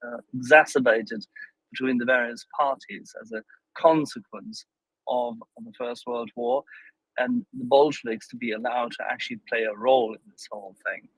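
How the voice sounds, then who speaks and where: Husky-voiced man explaining in a discussion. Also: mid-range voice, animated, moderate pace, fairly bright tone, no room sound, low-quality recording. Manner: explanatory, steps in to help. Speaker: participant in a live audio discussion.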